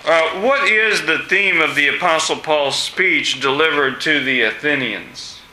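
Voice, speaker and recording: A man teaching a class, asking students questions with many pauses and fillers. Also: fairly high pitch, sharp tone. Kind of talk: classroom discussion lesson. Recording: echoey room.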